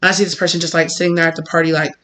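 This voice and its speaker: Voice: mid-range voice, flat delivery, rapid-fire, sharp tone. Chatty tarot reader who swears freely. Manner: rambling and chatty, acting out little scenes. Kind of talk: casual spoken tarot reading.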